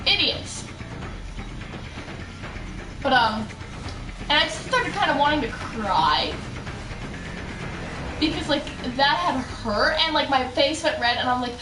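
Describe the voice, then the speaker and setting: Young female streamer, animated chatter with shouted outbursts, mic set back, noisy backdrop. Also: high-pitched, a little slow, pauses often, over music. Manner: chatty storytelling, bursts of excited shouting at the game. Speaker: gaming streamer. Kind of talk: casual live-stream chatter while gaming. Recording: roomy echo, mic at a distance, loud background noise.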